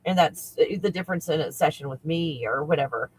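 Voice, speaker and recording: A man who works as a spiritual coach talks casually on a livestream, excitable and rambling, often breaking into laughter. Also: on the high side, fairly quick, slightly rough, low-quality recording.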